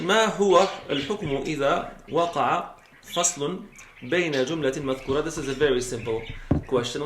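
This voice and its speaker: A man teaching a class on Islamic law, explaining step by step, often checking "okay?", and switching between English and recited Arabic text. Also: mid-range voice. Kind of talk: classroom lecture. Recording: roomy, faint background noise.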